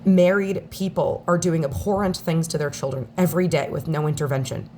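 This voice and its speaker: A woman speaking in an emotional personal video statement, on the verge of tears, with halting, heartfelt delivery and long pauses. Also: sits low, fairly even intonation, warm tone, a little hiss or hum. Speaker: mother speaking out in a daily video diary.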